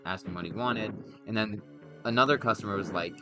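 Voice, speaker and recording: Young man, casual chat, rambling storyteller, swears a lot, loud game music behind. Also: fairly low pitch, brisk. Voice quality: rambling, profane storytelling with many fillers. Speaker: podcast co-host and let's-play player. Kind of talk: casual chat over gameplay.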